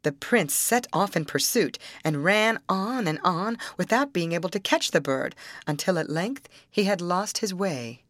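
A woman narrating a fairy tale aloud, expressive and acting out the characters. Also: fairly low pitch, a little slow, dry recording.

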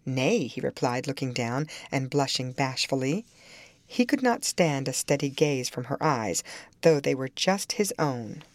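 A woman narrating a classic novel in an expressive storytelling manner. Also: rumbling low, measured pace, dry recording. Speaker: audiobook narrator.

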